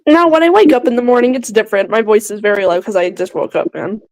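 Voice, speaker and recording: A man's voice: sits high, fast talker, dry recording, rough recording. A man chatting casually with laid-back joking asides. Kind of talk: casual chat.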